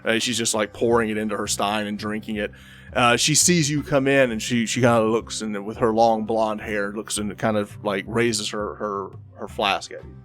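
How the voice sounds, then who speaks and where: A man's voice: lowish voice, steady tone, normal speed, fairly bright tone, faint music behind. A man running a tabletop game as game master, narrating in a rambling way with many fillers.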